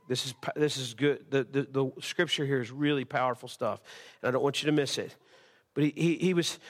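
A man preaches to his congregation in a slightly high voice. He is impassioned, repeating himself and circling back as he builds each point. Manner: impassioned preaching with repetitions and restarts. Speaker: pastor. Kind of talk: sermon. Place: church service.

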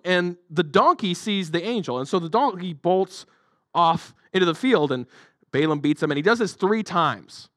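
High-voiced, jokey pastor. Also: male voice, fairly bright tone, no echo, clean studio sound. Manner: conversational, jokey, many fillers. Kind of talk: sermon.

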